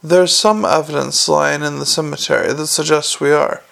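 A man voicing a gruff, weary police commander with a growling, clipped and forceful way of talking. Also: a little high, fairly even intonation, moderate pace. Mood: grim.

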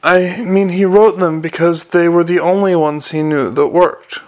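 A man's voice: sits high, fairly even intonation, a little slow, voice pushed up. A man voicing an earnest young male watch officer who explains things patiently and carefully. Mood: explaining.

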